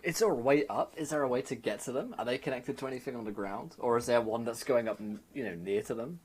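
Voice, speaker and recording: A man's voice: mid-range voice, animated, fast, husky. A man playing in a tabletop game, thinking aloud and giggling often. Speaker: player. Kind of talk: casual tabletop play.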